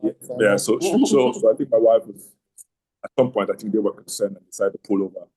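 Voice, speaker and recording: A man's voice: fairly low pitch, fast talker, a crowd in the background, poor audio. A middle-aged man hosting an online call, telling a long personal story in a rambling way, often repeating words and starting over. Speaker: host telling his marriage story. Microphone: online video call.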